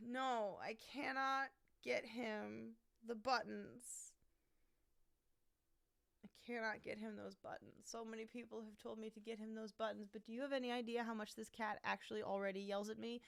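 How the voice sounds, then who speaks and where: A woman streamer chatting casually at home, playfully scolding her cat, with loud outbursts and low mutters. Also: fairly even intonation, a little fast, gravelly. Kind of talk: casual live-stream chat.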